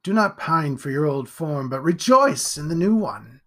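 An ancient demonic being with a slow, hushed and coaxing menace, put on by a male narrator. The voice sits fairly high and unhurried, and each word is drawn out. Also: expressive, full character voice. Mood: menacing.

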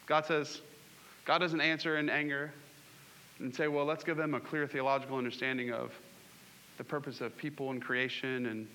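A man's voice: medium pitch, flat delivery, moderate pace, pushed and bright, a little hiss or hum. A man preaching a sermon, asking the congregation questions and acting out scripture scenes. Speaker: pastor.

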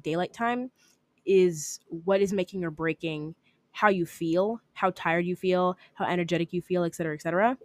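A woman's voice: mid-range voice, a bit bright, no room sound. A young woman hosting her own podcast, talking casually and upbeat, with lots of "like" fillers. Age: young adult. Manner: chatty and upbeat, with frequent "like" fillers. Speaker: podcast host. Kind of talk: casual solo podcast talk.

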